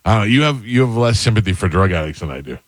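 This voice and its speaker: A man's voice: fairly low pitch, big pitch swings, fast, no room sound. A man hosting a radio show, chatting casually and retelling stories with quoted dialogue. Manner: storytelling, quoting people.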